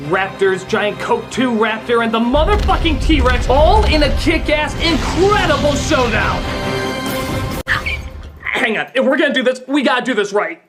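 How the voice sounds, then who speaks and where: A woman reviewing a film in an excitable, profane comedic rant, often yelling. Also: high-pitched, moderate pace. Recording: background music.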